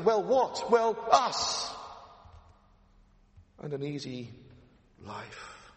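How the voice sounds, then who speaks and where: A man's voice: fairly high pitch, very animated, very slow, pauses often. A man preaching a sermon, emphatic, repeating his key phrases and asking rhetorical questions. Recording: echoey hall with long reverb.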